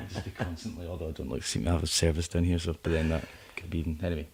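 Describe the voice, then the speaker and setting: Scottish man, Scottish accent, low husky voice, laid-back rambling chat. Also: steady tone, fast, a little mellow. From Scotland. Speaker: singer-songwriter guest. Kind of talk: casual chat.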